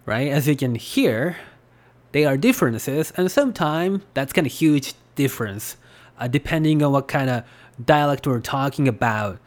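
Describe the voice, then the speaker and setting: With lively intonation and a slightly slow pace, a Japanese man speaks in a mid-range voice carrying a Japanese accent. He's hosting a podcast, chatting casually and wandering through his thoughts with plenty of fillers.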